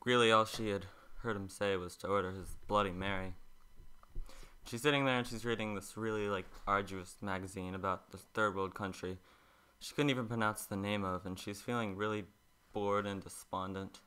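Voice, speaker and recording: A man quietly telling a story in a hushed, soft voice before playing a cover song. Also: fairly low pitch, steady tone, normal speed, smooth. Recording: roomy echo with loud ukulele. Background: ukulele playing.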